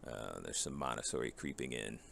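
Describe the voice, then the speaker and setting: A man's voice: very deep voice, brisk, gravelly, fairly bright tone. A man teaching a Spanish vocabulary lesson, reading each English word and then its Spanish match, and asking the class rhetorical questions.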